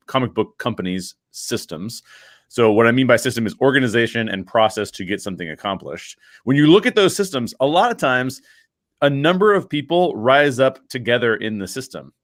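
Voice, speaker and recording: Lively laughing man telling stories. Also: on the low side, no room sound, studio quality. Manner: animated storytelling with laughs, quick bursts and trailing off. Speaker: podcast co-host. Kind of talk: casual chat.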